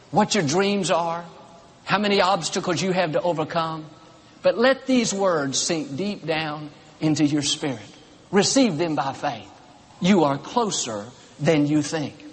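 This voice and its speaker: A man preaching a sermon, encouraging and rhythmic, in short repeated phrases. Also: sits high. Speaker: pastor. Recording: long reverb of a large hall.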